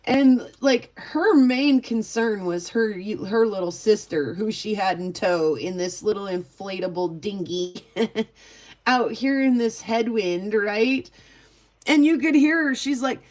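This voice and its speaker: A woman's voice: on the high side, measured pace, a little mellow. A woman vlogger telling a story casually, rambling and chatty with lots of filler words. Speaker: vlogger and rockhound.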